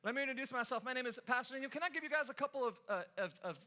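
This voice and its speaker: A man's voice: extremely high pitch, expressive, racing, sharp tone. A man from the Los Angeles area preaching a sermon, telling stories and teasing his congregation in a playful, joking way. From Los Angeles area, USA. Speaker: pastor. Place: church service before a congregation.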